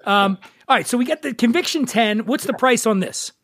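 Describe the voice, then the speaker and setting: A man's voice: very high voice, expressive, a little fast, fairly bright tone. A man with a Philadelphia accent hosting a casual chat, joking, loose and swearing freely. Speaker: host.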